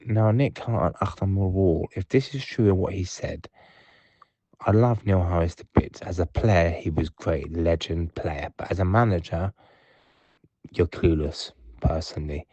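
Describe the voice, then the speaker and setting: A man's voice: low-pitched, unhurried, dark tone, no room sound, highs cut off. A man leaving angry, rambling, swearing voicemail messages from his sofa at home. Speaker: voicemail caller. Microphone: phone voicemail.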